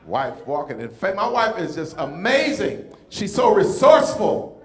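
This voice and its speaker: Animated high-voiced male stand-up comic. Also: a little slow, roomy sound. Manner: animated, teasing the audience with repeated "right?". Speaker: comedian and pastor. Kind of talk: stand-up comedy.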